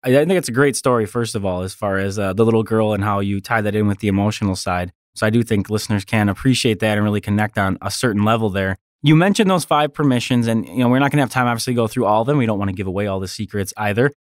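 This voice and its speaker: A man's voice: fairly low pitch, quick pace, few pauses, no echo, studio quality. A man hosting an interview, asking friendly questions and reacting to his guest's answers. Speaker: interview host.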